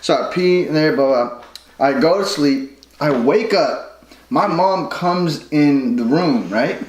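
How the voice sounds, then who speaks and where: Young guy cohosting a podcast, tells stories laughing and cussing, kinda high lively voice. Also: takes it slowly. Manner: rambling, laughing storyteller, swears a lot. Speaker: podcast co-host. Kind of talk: casual chat. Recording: echoey room with noise.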